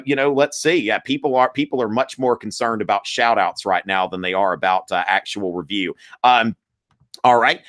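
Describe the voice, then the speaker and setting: A man's voice: medium pitch, fairly bright tone. Guy teacher doing a live review stream, lots of ums and uhs, talks right to the chat. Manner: chatty, filler-heavy, addresses viewers as y'all.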